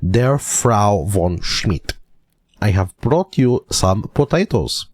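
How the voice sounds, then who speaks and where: A man voicing a grateful German servant woman reading her letter aloud, with a put-on German accent and a slow, earnest, raised voice. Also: fairly low pitch, lively intonation, darkish tone, no echo, pitched above the performer's own voice.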